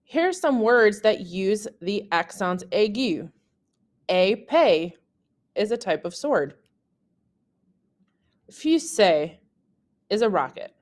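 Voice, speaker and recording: This is a woman who teaches French, reading a scripted lesson aimed at beginners. Her explanations are deliberate and careful, with animated leaps in pitch whenever she gives examples.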